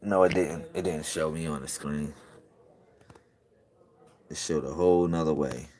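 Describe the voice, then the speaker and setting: A man talking casually to his viewers, excitable and slangy, repeating himself and swinging from loud bursts to quiet murmurs. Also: very deep voice, unhurried. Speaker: video creator.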